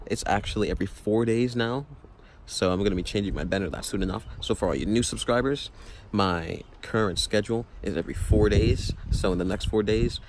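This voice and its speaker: A young man talks through an accent challenge in a loose, rambling, jokey way. His voice sits fairly low. A faint hiss of background noise runs under the recording. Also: a little mellow. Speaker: YouTuber. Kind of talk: casual accent challenge vlog.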